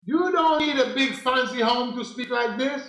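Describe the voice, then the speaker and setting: A man giving a slow, preachy spiritual monologue, repeating phrases for emphasis. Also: very high voice, a bit bright, echoey room, rough recording. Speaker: spiritual teacher.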